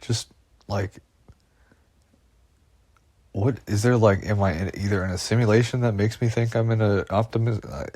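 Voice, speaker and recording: A man with a very low voice talks through an anxious, rambling monologue. He swears often and loops back over the same worries. The sound is dry and close, like a phone voice memo. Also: fairly even intonation, moderate pace, long pauses, a little mellow, no echo. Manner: anxious, agitated, profane, repeats himself.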